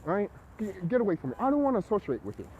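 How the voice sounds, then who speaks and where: A man with a high voice vlogs in an agitated, preachy monologue. He swears freely and keeps repeating himself. His pitch leaps around with lively swings. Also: racing, muffled recording, a little hiss or hum. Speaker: vlogger. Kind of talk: ranting monologue to camera.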